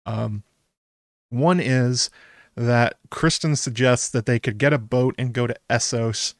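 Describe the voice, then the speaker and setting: A middle-pitched man talks through a show recap in a loose, incredulous way. He chuckles and trails into ums, and his voice sounds close and dry. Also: fairly even intonation, slow pace, dry recording. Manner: chatty and incredulous, laughs often, many ums. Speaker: YouTube aftershow host. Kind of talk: casual solo reaction commentary.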